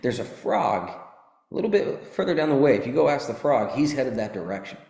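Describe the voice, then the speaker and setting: A man's voice: mid-range voice, big pitch swings, moderate pace, gravelly, a little mellow. A man voicing a helpful turtle who points the way, told in a spoken fable. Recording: echoey hall.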